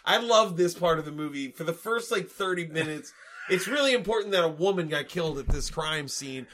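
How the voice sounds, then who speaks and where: A man's voice: fairly high pitch, lively intonation, a little fast, fairly bright tone. A man co-hosting a casual movie discussion, retelling scenes animatedly, swearing and laughing. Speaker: podcast co-host.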